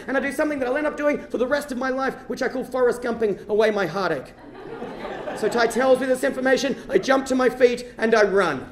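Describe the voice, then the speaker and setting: A young Australian man performing a one-man comedy storytelling show on stage, animated and prone to shouted rants. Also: sits high, quick pace, a faint crowd. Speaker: stand-up storyteller. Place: theatre stage before an audience. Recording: roomy theatre sound.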